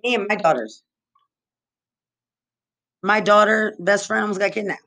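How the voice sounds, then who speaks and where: A woman's voice: mid-range voice, measured pace, fairly bright tone. A woman from Texas delivering an angry, rambling monologue full of repeated accusations and profanity. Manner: agitated, accusatory, repetitive, profane.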